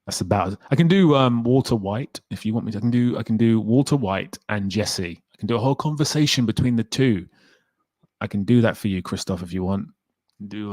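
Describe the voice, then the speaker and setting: A man with a fairly low voice chats casually on a livestream, answering questions from his audience. He rambles a little and laughs easily. The sound is close and dry. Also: brisk, no echo. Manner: relaxed, rambling, laughs often. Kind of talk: casual chat.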